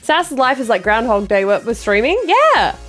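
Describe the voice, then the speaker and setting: A woman's voice: a little high, big pitch swings, normal speed, fairly bright tone, faint music behind. A woman streamer joking and chatting casually with her viewers. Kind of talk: casual live-stream chat.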